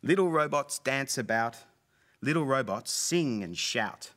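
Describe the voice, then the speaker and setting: A man's voice: medium pitch, expressive, a little slow. A man presenting a children's show, reading a rhyming story and singing with playful robot beeps. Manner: playful, sing-song, beeping robot noises. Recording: loud music bed behind voice.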